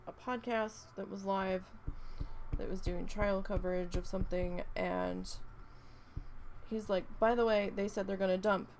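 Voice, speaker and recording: A woman's voice: mid-range voice, darkish tone, a little hiss or hum. A woman, chatting casually and rambling through a story while she crafts, swearing freely. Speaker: craft vlogger.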